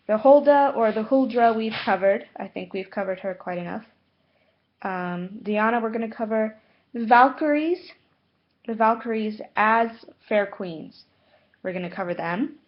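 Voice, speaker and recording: Woman, spiritual vlogger, slow and halting with lots of fillers; lo-fi home recording. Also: a little high. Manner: halting, many fillers and self-corrections; slow and unhurried. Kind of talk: casual talk to camera. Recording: dull lo-fi home video sound.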